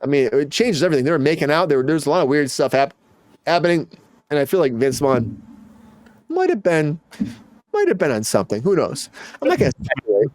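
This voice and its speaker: Profane, animated male podcast host. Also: a little high, brisk, pauses often, dry recording, studio quality. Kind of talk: casual chat, storytelling.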